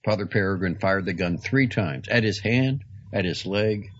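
A man reading a story aloud in a slow, deliberate, dramatic way. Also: deep voice, highs cut off. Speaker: narrator. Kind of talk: audiobook reading.

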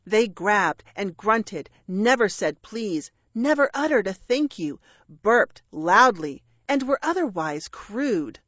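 A woman reading a rhyming children's story aloud with a measured, expressive delivery. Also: medium pitch, dry recording, lo-fi sound. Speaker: narrator.

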